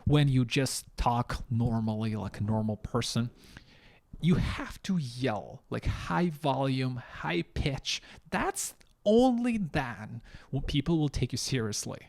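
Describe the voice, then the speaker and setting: A young man from Ukraine, telling a story to camera in a blunt, animated way and swearing freely. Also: mid-range voice, slow, vocal fry. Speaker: vlogger.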